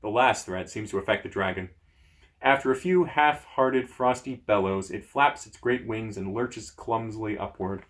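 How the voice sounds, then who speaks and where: A man hosting a gamebook playthrough, reading the story aloud in a lively way with casual asides to viewers. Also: on the low side, normal speed. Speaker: host.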